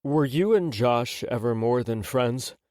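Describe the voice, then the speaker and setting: A man reading the part of a gentle, hesitant adult man in an audiobook, softly and without fuss. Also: mid-range voice, animated, unhurried, no room sound, studio quality, close to an everyday voice. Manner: soft and hesitant.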